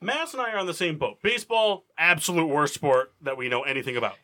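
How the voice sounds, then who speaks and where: A man's voice: a little high, lively intonation, fast, bright, forceful tone. A man co-hosting a casual group podcast, talking in a rambling, joking way full of fillers. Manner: rambling, hedging with fillers, jokey. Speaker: podcast co-host.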